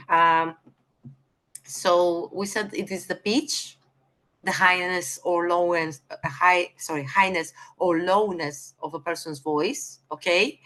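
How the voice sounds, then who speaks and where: A woman from Greece with a Greek accent, lecturing on communication, halting often with fillers and correcting herself mid-sentence. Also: fairly low pitch, a bit bright.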